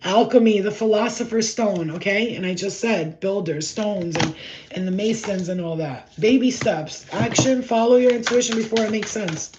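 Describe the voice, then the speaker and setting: Rambling, excited woman giving a tarot reading. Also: mid-range voice, moderate pace, lo-fi sound, noisy background. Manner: rambling, excited, swears casually, acts out her stories. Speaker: spiritual tarot reader. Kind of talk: casual live tarot reading.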